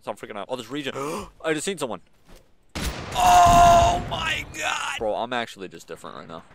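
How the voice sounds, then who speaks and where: A young man giving excited, slangy commentary while playing a shooter game, swinging from low mutters to sudden yelps. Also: rapid-fire, very noisy. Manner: hyped, slangy, jumps from mumbling to sudden yelps. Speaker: gaming YouTuber.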